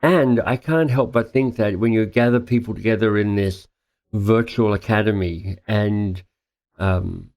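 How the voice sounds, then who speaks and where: A man hosting a podcast interview, enthusiastic and gushing, quick to laugh. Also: fairly low pitch, darkish tone. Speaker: podcast host. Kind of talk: casual interview.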